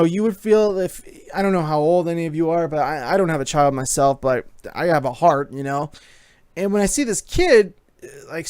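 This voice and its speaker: A man giving a casual movie review, excited and rambling, with lots of fillers. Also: on the high side, no room sound, clean studio sound.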